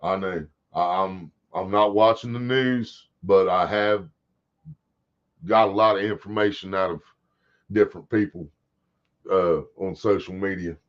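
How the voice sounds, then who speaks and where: A man rambles through a casual livestream, swearing freely as he chats with viewers. His voice sits a little low. The audio is dull and lo-fi. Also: a little slow. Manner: profane, rambling, talks to chat. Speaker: livestream host.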